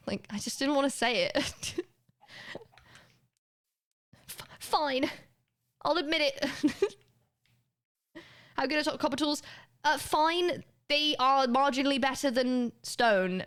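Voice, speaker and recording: A woman's voice: high-pitched, a bit bright. Chatty young woman streaming a game. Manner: chatty, laughing, swears, talks to chat. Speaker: live streamer. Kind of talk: casual gaming livestream chat.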